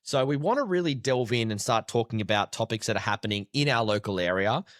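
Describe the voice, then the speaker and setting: A man's voice: fairly low pitch, animated, fast, a bit bright, dry recording, clean studio sound. A man with an Australian accent hosting a casual sports podcast, joking and crude in his banter. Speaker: podcast co-host.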